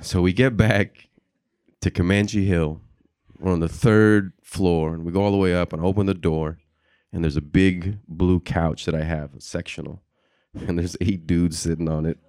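A man's voice: deep voice, unhurried, long pauses, clear, resonant tone, no room sound, clean studio sound. A young man doing stand-up comedy, telling a long story and acting out the voices of the people in it. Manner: animated, acts out voices and reactions.

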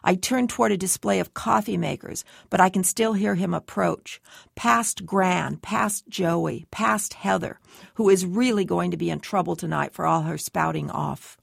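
A woman narrates a first-person story in a low, heavily gravelly voice. Her reading is close and dry, and she lightly shades the voices in the dialogue. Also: normal speed, no room sound. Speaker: audiobook narrator.

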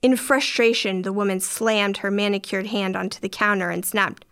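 A woman's voice: mid-range voice, steady tone, moderate pace, few pauses, a bit bright, clear, resonant tone. A middle-aged woman narrating a first-person story in a dry, wry way.

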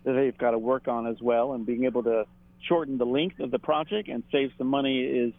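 A man's voice: medium pitch, steady tone, a little fast, no echo. Man on a tinny, dry phone line. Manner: conversational, chuckles often. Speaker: political editor. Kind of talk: radio analysis segment.

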